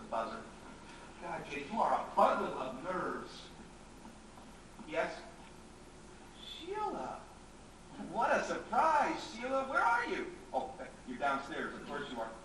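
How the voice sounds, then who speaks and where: A man's voice: on the high side, a bit bright. A man playing a frantic neurotic writer. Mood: flustered. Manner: frantic, rambling, self-mocking. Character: anxious neurotic male writer, middle-aged. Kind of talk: live stage acting. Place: theatre stage. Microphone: distant room mic. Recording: echoey, noisy, from far off.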